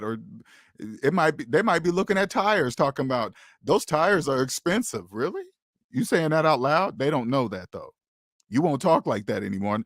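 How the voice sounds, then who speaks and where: A man's voice: a little high, dry recording, studio quality. A man hosting a finance channel, talking to viewers in a casual, emphatic monologue full of rhetorical questions and repeated "okay?".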